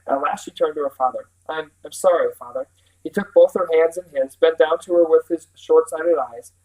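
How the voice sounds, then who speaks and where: A man reading a novel aloud in a plain, steady way, with small slips and restarts. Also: a little high, a little fast, low-quality recording.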